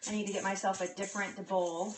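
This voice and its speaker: A woman's voice: mid-range voice, flat delivery, fast, a little hiss or hum. Bubbly woman hosting a live baking demo. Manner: bubbly and chatty, laughing often and greeting viewers; flustered, with frequent restarts and self-corrections. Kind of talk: casual live cooking demonstration. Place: small home kitchen.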